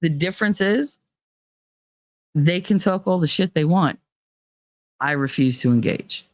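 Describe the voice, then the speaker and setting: A woman's voice: fairly low pitch, expressive, unhurried, no room sound. A woman hosting a casual chat show, talking bluntly with frequent swearing and laughter. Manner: blunt and profane, laughs often. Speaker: host.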